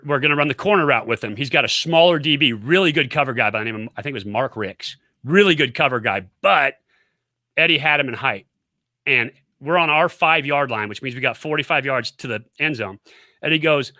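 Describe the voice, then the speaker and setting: A man's voice: mid-range voice, bright, forceful tone, no room sound, studio quality. A middle-aged man, a former quarterback and coach, speaking as a guest who makes emphatic points and tells stories. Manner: emphatic, repeats points, storytelling. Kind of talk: casual interview, coaching talk.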